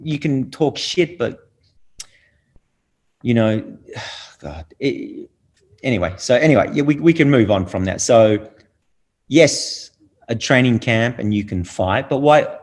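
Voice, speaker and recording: A man's voice: medium pitch, lively intonation, takes it slowly, pauses often. A middle-aged man holds forth in a casual podcast conversation. He talks bluntly and preachily and swears freely. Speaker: podcast guest.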